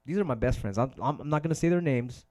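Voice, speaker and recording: A man's voice: mid-range voice, lively intonation, fast talker, a little mellow. A man hosting a casual livestream chat, rambling and swearing a lot, often repeating his phrases. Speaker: DJ and host.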